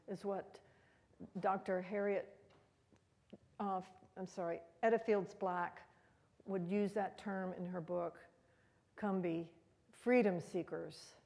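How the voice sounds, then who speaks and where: A woman's voice: mid-range voice, creaky, darkish tone, in a large hall. A woman giving a conversational, rambling history talk as a guest speaker in a museum room.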